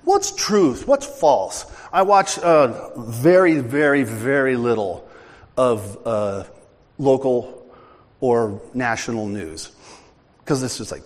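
Middle-aged guy preaching, slow and easygoing, voice bouncing up and down, big echoey hall. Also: mid-range voice, lively intonation. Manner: conversational storytelling, joking with congregation. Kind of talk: sermon. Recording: hall reverb.

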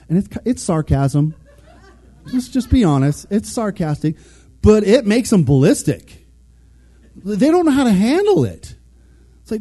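Man, casual sermon, lively swinging pitch, dark husky voice. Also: a little slow, pauses often. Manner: animated, conversational, acts out quotes. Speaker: preacher.

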